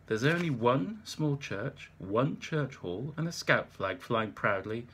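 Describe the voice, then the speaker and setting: A man reads a first-person audiobook with wry, dry humour. His voice sits in the middle range with a husky grain. The delivery is steady and understated. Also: mid-range voice. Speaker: audiobook narrator.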